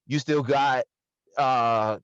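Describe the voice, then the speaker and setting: A man's voice: medium pitch, very slow, clear, resonant tone, no room sound. Man, earnest reflective interview guest, dull dry recording. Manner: earnest, reflective, with bursts of animated laughter. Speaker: restaurant owner, interview guest. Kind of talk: casual conversational interview. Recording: slightly dull, dry sound.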